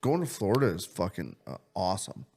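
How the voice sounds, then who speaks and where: A young man co-hosting a podcast, telling stories in a loose, animated way and swearing a lot. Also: low-pitched, fairly quick, vocal fry, slightly rough. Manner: animated storytelling, heavy swearing. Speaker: podcast co-host. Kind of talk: casual chat.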